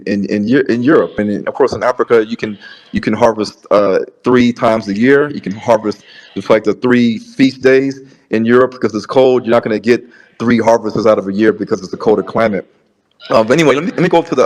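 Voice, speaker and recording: A man's voice: fairly low pitch, poor audio. A man arguing his case in a debate, restarting phrases often and running through long lists of words. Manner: repeats words, many restarts, rapid lists of words. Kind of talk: debate argument.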